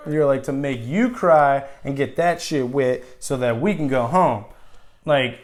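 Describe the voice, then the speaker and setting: A man's voice: medium pitch, a little slow. Laid-back Californian man, medium voice, rambling casual podcast co-host. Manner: rambling, filler-heavy, acts out imagined reactions. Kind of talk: casual chat.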